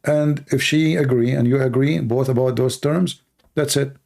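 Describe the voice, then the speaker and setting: A man answers viewers' questions on a casual live stream. His voice is dark, gravelly and worn hoarse. He talks bluntly, with sarcasm and a run of rhetorical questions. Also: mid-range voice, steady tone, normal speed. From Middle East. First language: Arabic. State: hoarse, tired voice. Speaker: Christian apologist, host answering questions.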